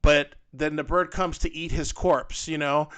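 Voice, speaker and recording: A man co-hosting a casual fan podcast, talking in an animated, rambling way with lots of fillers. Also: fairly high pitch, measured pace, clear, resonant tone. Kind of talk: casual panel chat.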